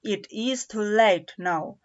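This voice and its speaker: A woman's voice: medium pitch, takes it slowly, highs cut off, lightly acted. A woman voicing a polite, nervous male faun who speaks formally and hesitantly. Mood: earnest.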